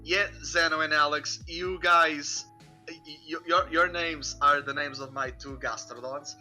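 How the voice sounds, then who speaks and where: A man's voice: on the high side, steady tone, measured pace. A man hosting a podcast, rambling casually with lots of "you know". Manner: rambling, many fillers and restarts. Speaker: podcast host. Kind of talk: casual chat. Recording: faint music behind.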